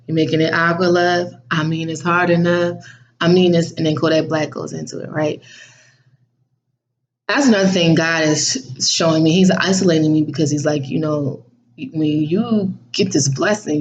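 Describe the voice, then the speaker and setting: A woman talks in a lively, slangy way in a casual faith vlog, often breaking into laughter. Her voice sits low for a woman, and the recording is dull and muffled. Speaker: vlog host.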